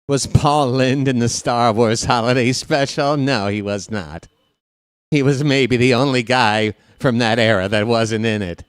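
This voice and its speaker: A man calling live baseball play-by-play in a casual way, with jokey, rambling asides between pitches. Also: measured pace, clear, resonant tone, no echo, studio quality. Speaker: play-by-play announcer.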